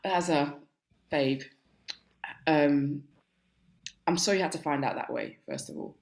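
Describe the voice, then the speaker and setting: A woman's voice: low voice, lively intonation, measured pace, vocal fry, a little mellow, heavily acted. A woman playing a fed-up young royal wife who complains wryly and hesitantly, over a video call.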